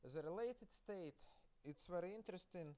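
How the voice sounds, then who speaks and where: A man with a Russian accent, a native Russian speaker, gives a university lecture in English, pausing often with filler sounds and restarting words. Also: sits high, lively intonation, warm tone. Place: lecture hall.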